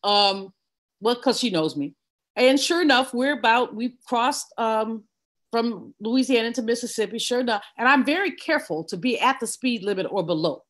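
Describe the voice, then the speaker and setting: An older woman, a guest in an interview, telling a personal story in a vivid, animated way. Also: a little high, moderate pace. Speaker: guest economist.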